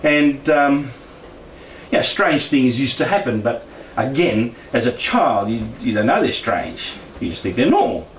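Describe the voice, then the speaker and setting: A man at a mid-range pitch rambles through a personal story, circling back and restarting his sentences. He is picked up from some distance away in a roomy, echoing meeting room. A faint hum of background noise sits under his voice. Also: very animated, a little slow. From Brisbane, Australia. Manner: meandering, frequent restarts and asides. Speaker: guest speaker at a paranormal discussion group.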